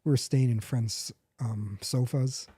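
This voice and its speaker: A man in his forties talks in a relaxed podcast chat, his voice mellow and dark. He rambles, backtracks to correct himself and laughs easily, recorded close and dry. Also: medium pitch, unhurried, slightly rough, no echo. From United States. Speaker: podcast co-host. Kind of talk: casual chat.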